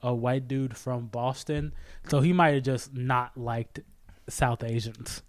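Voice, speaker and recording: A man's voice: medium pitch, steady tone, unhurried. A man co-hosting a history podcast, joking crudely and laughing often. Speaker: podcast co-host. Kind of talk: casual podcast banter.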